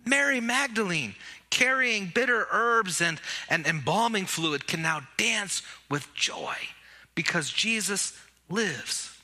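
A man preaching an Easter sermon with animated emphasis, leading the congregation in call-and-response while his voice is giving out. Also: high voice, takes it slowly. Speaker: pastor.

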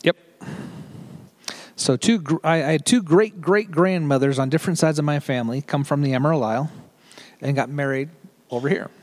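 A man's voice: a little high, darkish tone. Chatty, joking middle-aged male preacher. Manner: chatty and joking, with quick asides. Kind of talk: casual sermon.

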